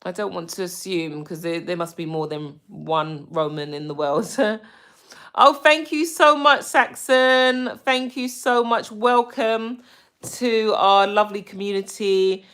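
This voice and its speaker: A woman from the UK hosting a casual live stream, greeting viewers with lots of ums and gushing when she gets excited. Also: mid-range voice, unhurried. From United Kingdom. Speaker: livestream host.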